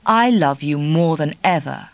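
A woman reading an audiobook, voicing a self-satisfied man with a deep, charming voice who coaxes and soothes. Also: lively intonation, measured pace, gravelly, dry recording, heavily acted. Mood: coaxing. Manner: coaxing, smug.

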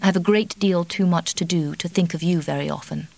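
A woman reading the part of a reserved, cold male doctor husband, speaking in curt, quiet lines. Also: fairly low pitch, fairly quick, vocal fry, no room sound.

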